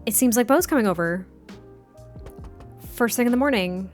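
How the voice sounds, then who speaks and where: A woman's voice: mid-range voice, expressive, a little slow, long pauses, soft background music. A woman hosting a gameplay video, chatting casually and giggling as she narrates what her characters are thinking. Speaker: let's play host.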